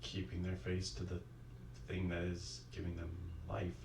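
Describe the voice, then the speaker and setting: A man in a casual book club chat, speaking quietly with laid-back murmured agreement. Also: low voice, monotone, moderate pace, noisy background. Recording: roomy, distant mic.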